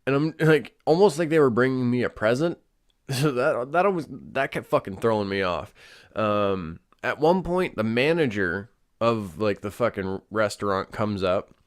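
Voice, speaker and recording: A young man hosting a casual solo show, rambling with lots of fillers and swearing. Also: medium pitch. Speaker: podcast host.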